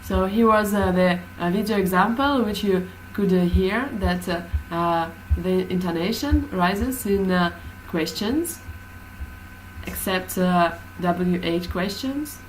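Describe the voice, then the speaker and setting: A woman teaching a class in a slow, unhurried way, often pausing on fillers. Her voice sits a little low, with faint noise behind it. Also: poor audio. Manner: hesitant, many fillers. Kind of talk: classroom lesson explanation.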